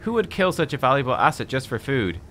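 A man's voice: mid-range voice, very animated, fast talker, fairly bright tone, a little hiss or hum. A man reading the lines of a naive young female slave in a game, in an earnest, indignant manner.

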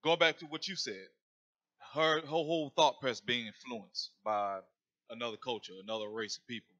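A man's voice: medium pitch, moderate pace, bright, forceful tone, dull audio. A man co-hosting a religious radio talk show, lecturing and reading from a book with frequent fillers. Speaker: co-host.

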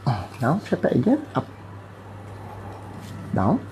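Speaking Malaysian-accented English, a man guides a patient through a hands-on bone-setting treatment in clipped, simple phrasing, playfully making sound effects as he works. His medium-pitched voice is slow and darkish, with huge swings in pitch. The audio is rough, with a little hiss or hum.

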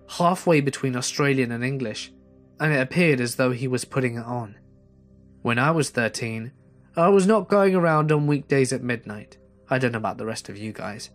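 A man reading a first-person horror story aloud in a measured storytelling delivery. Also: medium pitch. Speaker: narrator. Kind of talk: scripted horror story narration. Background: faint music.

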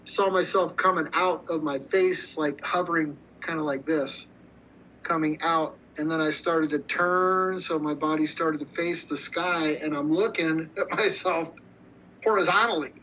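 A man's voice: on the high side, steady tone, measured pace, sharp tone. A man telling a story in a blunt, profane, rambling way, with frequent restarts, as an interview guest. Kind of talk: casual storytelling. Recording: slightly muffled with faint noise.

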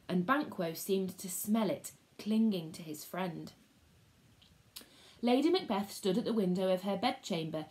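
A woman teacher, reading a story aloud to a class and pausing to explain it casually. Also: mid-range voice. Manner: slow, expressive storytelling with casual asides.

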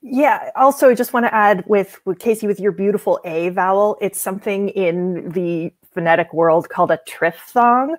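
A woman's voice: mid-range voice, normal speed, hardly any pauses, no echo. A woman, a voice coach explaining breath and speech sounds in a thoughtful, explanatory way. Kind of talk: explanatory talk.

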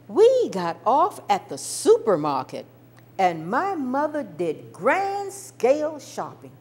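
An older woman tells a story from her own life, her voice rising and falling freely as she recounts it. She stumbles gently over a word here and there. Faint room noise hums behind her. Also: medium pitch. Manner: expressive, warm-toned recounting with small stammers. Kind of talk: personal storytelling.

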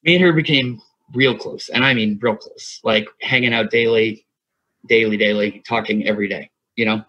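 A man's voice: on the low side, steady tone, moderate pace, bright, forceful tone. A man in his thirties telling a long story in casual podcast chat, rambling, swearing freely and laughing often. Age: 30s. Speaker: podcast co-host. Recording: single USB mic, lo-fi.

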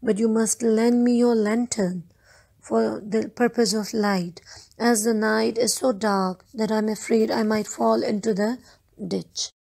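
A woman's voice: fairly high pitch, fairly even intonation, measured pace, vocal fry, mellow. A woman reads the lines of a humble, eager young man in a storybook tale. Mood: earnest. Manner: earnest and obliging.

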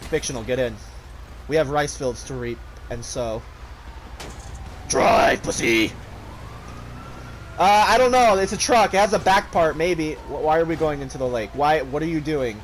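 Excitable young man yelling over game noise. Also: a little high, fairly quick. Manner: loud, excitable, swearing, frequent shrieking laughter. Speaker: gaming streamer. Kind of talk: casual multiplayer game commentary.

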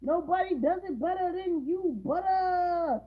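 A woman putting on the voice of an overexcited young male street hype man who gushes drawn-out praise. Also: very high-pitched, pitched above the performer's own voice. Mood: hyped. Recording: tinny phone-like sound.

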